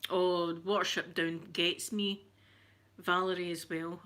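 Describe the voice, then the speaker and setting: Bright-voiced woman, chatty and emotional. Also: fairly low pitch, little pitch movement, takes it slowly. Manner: chatty, emotional, open about feelings. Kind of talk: casual chat answering viewers.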